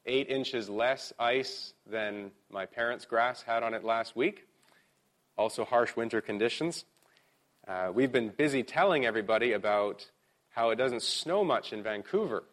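A middle-aged man preaching a sermon as pastor, talking in a relaxed, conversational way with frequent filler words and slowing down to stress key words. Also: medium pitch. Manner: reads slowly, with rising emphasis.

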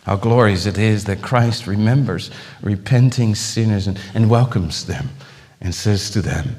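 A male preacher delivering an impassioned sermon, his voice swinging from ringing exclamations to hushed, slow phrases. He repeats words as he builds toward each point. His voice carries a long reverb, as in a church hall. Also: on the low side.

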